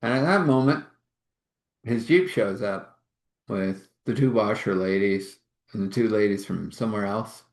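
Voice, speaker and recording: Gravelly man telling a spiritual story. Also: fairly low pitch, unhurried. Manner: relaxed, laughing often. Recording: roomy echo.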